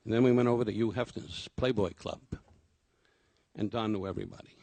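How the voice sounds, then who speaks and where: A man's voice: on the low side, a little fast, creaky, warm tone, dry recording. An older man, a comedian, giving a rambling, self-deprecating memorial tribute full of anecdotes.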